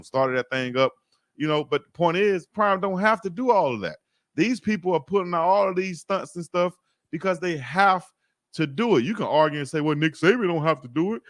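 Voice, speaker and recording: A man's voice: fairly high pitch, animated, fairly quick, no echo, studio quality. A man hosting a heated sports debate, pressing his point in slangy talk and calling his co-host "dog". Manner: insistent, slangy, repeats "dog".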